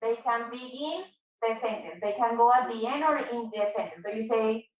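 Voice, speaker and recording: Woman, English teacher, patient, high voice, echoey room. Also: moderate pace, far from the mic. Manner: patient, switches to Spanish to explain. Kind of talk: online English class.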